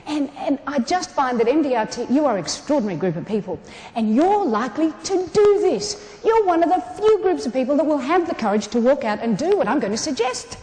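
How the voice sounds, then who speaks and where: Lively Australian woman on a hall stage. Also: high voice, brisk. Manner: animated, humorous, talks straight to the audience. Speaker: keynote speaker. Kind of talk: motivational keynote speech. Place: large conference hall. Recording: echoey conference hall, some room noise.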